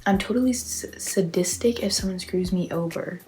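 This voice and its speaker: A woman's voice: lowish voice, normal speed, over loud music. A young woman casually reading online confessions aloud and reacting with chatty, sarcastic asides.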